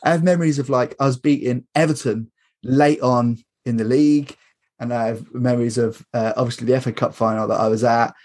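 A man's voice: mid-range voice, steady tone, fairly quick, darkish tone. A man, chatting casually as a podcast guest, laughing often and restarting his sentences. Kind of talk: casual chat.

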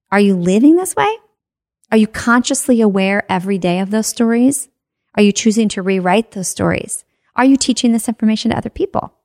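A woman's voice: mid-range voice, darkish tone, no echo, studio quality. Emphatic woman giving a motivational talk. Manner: emphatic, rhetorical questions, frequent "right?". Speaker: personal growth speaker.

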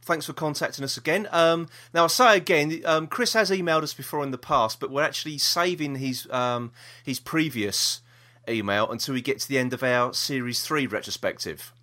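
A man from South East London co-hosts a podcast in a bright, forceful, medium-pitched voice at a moderate pace. Chatting away, he reads a listener's email aloud, stumbling through many ums and restarts.

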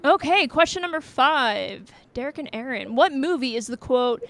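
A woman's voice: high-pitched, expressive, moderate pace, hardly any pauses. A woman hosting a trivia quiz, reading out questions and answer choices with playful banter and frequent laughter. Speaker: trivia game host.

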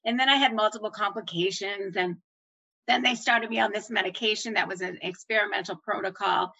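A middle-aged woman telling her own story, acting out the voices of doctors and herself with animated swings of pitch. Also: brisk, breathy edge, dull audio. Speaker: former nurse manager telling her story. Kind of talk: personal storytelling.

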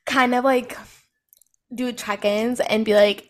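A woman's voice: on the high side, steady tone, slow pace, long pauses. A young woman co-hosting a podcast in candid, casual chat, speaking loosely with many "like" fillers. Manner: conversational, filler-heavy with "like". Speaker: podcast co-host.

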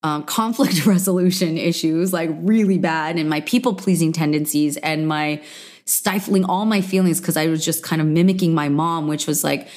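A woman's voice: deep voice, normal speed, a little mellow. A young woman hosting a solo podcast, talking candidly and emotionally in a rambling, confessional way full of "like" fillers. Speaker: podcast host.

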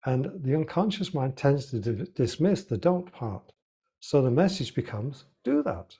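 A man's voice: mid-range voice, lively intonation, moderate pace, mellow, breathy edge. A man, a life coach and author, explaining ideas earnestly in an interview with lots of examples. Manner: earnest, example-driven, repeats words while thinking.

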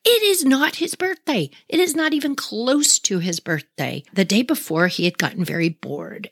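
A woman with a husky voice telling childhood family stories in a casual, animated way and talking to her listeners directly. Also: mid-range voice, no room sound, clean studio sound. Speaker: storyteller.

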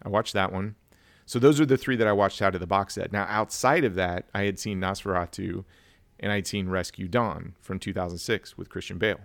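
A man's voice: low-pitched, brisk, creaky, a bit bright, no echo. A man co-hosting a casual film review chat, telling stories and acting out family dialogue. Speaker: podcast co-host.

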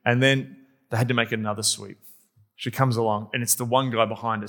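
A man preaching to his congregation, his voice sitting at an ordinary middle pitch. He moves through the message as a running anecdote, wry and self-mocking, with comic timing in the details. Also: fairly even intonation, fast, fairly bright tone. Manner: humorous anecdotal storytelling; self-deprecating. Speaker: pastor. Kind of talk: sermon.

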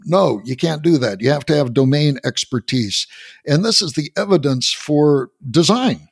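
Man, podcast host, gravelly tone, slightly husky, halting speech, repeats words. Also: medium pitch. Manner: storytelling, earnest explaining. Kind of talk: explaining in a podcast interview.

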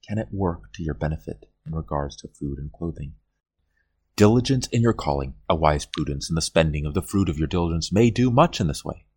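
A man's voice: low voice, darkish tone, slightly rough. A man reading aloud an old sermon in an earnest style, with rising and falling emphasis. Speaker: reader of a historic sermon.

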